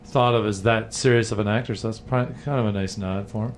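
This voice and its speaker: A man's voice: on the low side, fairly even intonation, quick pace, slight background noise. A man co-hosting a show from a studio, chatting casually and joking around. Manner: joking, laid-back. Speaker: show co-host.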